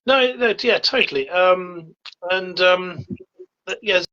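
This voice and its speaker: A man's voice: sits high, takes it slowly, sharp tone. A man chatting casually about films as a co-host, hesitant and full of fillers. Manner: hesitant, many fillers and agreeing yeahs. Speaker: podcast co-host. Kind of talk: casual film chat. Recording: dull lo-fi sound.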